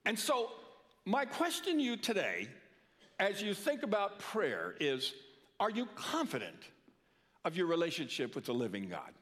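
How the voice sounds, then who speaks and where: A man's voice: high-pitched, wildly swooping pitch, a little slow, fairly bright tone. An older man preaching a sermon in a church, earnest, often repeating words for emphasis. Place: church sanctuary. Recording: long reverb of a church hall.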